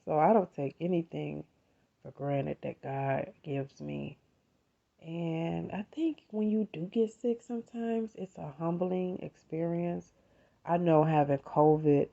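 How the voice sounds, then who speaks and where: Heard through dull audio, a middle-aged woman from the U.S. hosts a podcast with a low, creaky, dark-toned voice. She speaks from the heart about faith and gratitude in a casual manner, turning to listeners as "you all."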